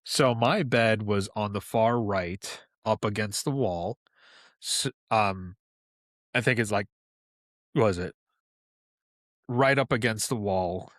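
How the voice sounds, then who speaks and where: A man in his thirties from New York, a podcast guest telling personal stories in a relaxed, conversational way with asides. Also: fairly low pitch, slow pace, pauses often, no echo, studio quality. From New York, USA. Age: 30s. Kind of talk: casual storytelling.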